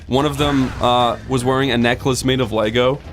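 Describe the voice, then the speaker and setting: A man telling a story in casual gaming chat, deadpan, acting out the people in it. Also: medium pitch, moderate pace, faint music behind. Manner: deadpan storyteller, acts out quoted voices. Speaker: let's play co-host.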